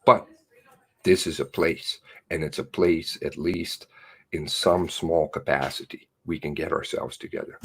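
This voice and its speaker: A man hosting his own channel, reading out a news release in a furious, swearing rant that swings from shouts to hushed mutters. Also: very deep voice, steady tone, measured pace, gravelly. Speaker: channel host.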